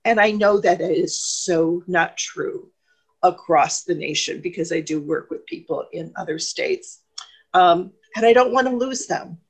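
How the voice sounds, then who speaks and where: Emotional, hesitant woman with a husky voice. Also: on the low side, a little slow. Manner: hesitant, rambling, with many ums and restarts. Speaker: party member asking a question. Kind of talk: question in an online meeting. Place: video call.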